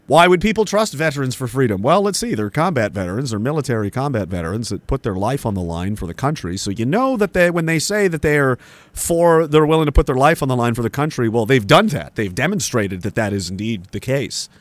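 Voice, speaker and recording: A man's voice: mid-range voice, very animated, fairly quick, dry recording. A man hosting a livestream, ranting sarcastically and swearing, with laughs between remarks. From Canada. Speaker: livestream host. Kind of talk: casual ranting commentary. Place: indoor room by a woodpile.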